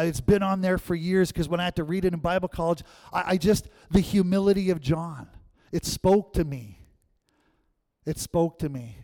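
A man preaching a sermon as pastor, animated and often checking in with the congregation. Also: on the high side.

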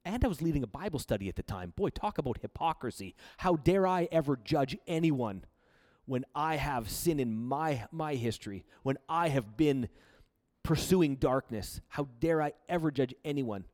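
A man's voice: fairly high pitch, lively intonation, normal speed, darkish tone. A man from Canada preaching a sermon, telling his own story in an earnest, confessional way. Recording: long hall reverb.

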